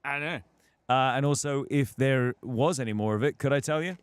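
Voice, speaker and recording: A man's voice: medium pitch, fairly quick, clear, resonant tone, dry recording. A British man, a voice actor guest, talking earnestly and casually on a livestream. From Britain. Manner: earnest, animated, drifting into character voices. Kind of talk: casual chat. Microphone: studio condenser.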